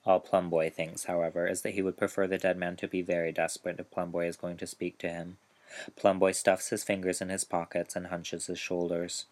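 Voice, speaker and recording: Low, flat-voiced man reading a dark tale. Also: fairly quick. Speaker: author reading his story. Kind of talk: narrated story reading.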